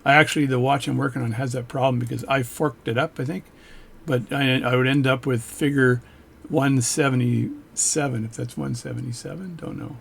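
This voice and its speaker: A man's voice: mid-range voice, steady tone, normal speed, gravelly, husky. A man who repairs watches, reviewing a book in a rambling, casual way, with frequent joking asides and self-interruptions. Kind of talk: casual talk on camera.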